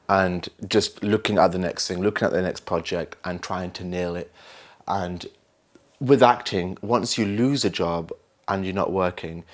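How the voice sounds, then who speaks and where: Lively Northern English actor, low voice. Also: male voice. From north of England. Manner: animated, self-mocking, acts out other voices. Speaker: actor being interviewed. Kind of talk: candid interview talk.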